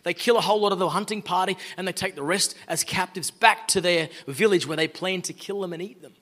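Husky Australian man giving an earnest talk. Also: high voice, brisk, bright, forceful tone. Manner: earnest, conversational, storytelling. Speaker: guest speaker, law firm owner. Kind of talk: sermon talk.

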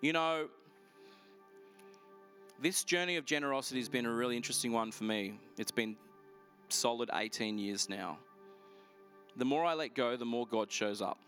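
Pastor, lively sermon storyteller. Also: male voice, medium pitch, soft background music. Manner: lively, animated storytelling with quick asides.

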